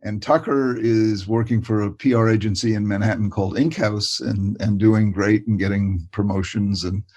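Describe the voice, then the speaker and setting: An older man, a guest expert in a casual interview, talking with warm enthusiasm and often repeating words. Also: fairly low pitch, steady tone, normal speed, dull audio. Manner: warm, enthusiastic, repeats words and says "you know" a lot.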